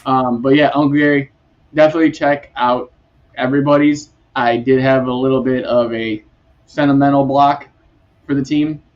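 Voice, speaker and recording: A man's voice: medium pitch, fairly even intonation, moderate pace. Laughing man with a dull, lo-fi sound. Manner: rambling, laughs often. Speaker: podcast host. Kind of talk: casual chat.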